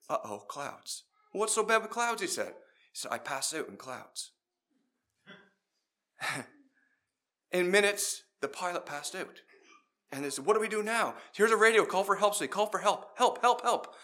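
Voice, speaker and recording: A middle-aged man preaching an evangelistic sermon, telling a story and then urging his listeners, swinging between loud pleading and quiet emphasis. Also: fairly high pitch.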